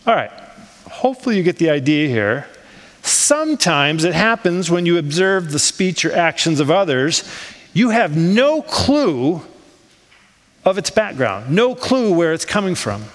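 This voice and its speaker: A man's voice: fairly high pitch, big pitch swings, a little slow, big-room sound. A man preaching a sermon as pastor, talking in a conversational way with rhetorical questions and frequent ums. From United States. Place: church in Switzerland.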